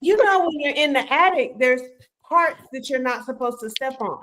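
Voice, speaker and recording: A woman co-hosting a casual chat, telling a family story in an animated, playful way. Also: high voice, moderate pace.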